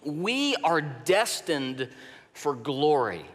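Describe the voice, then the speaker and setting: A man preaching a sermon as pastor, in a slow, deliberate way, often dropping his voice soft for emphasis. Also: fairly high pitch, sing-song. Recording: long reverb of a large hall.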